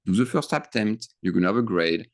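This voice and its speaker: A man's voice: on the low side, lively intonation, a little fast. A man teaching a grammar lesson over screen share, thinking aloud and checking in with frequent questions. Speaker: French teacher.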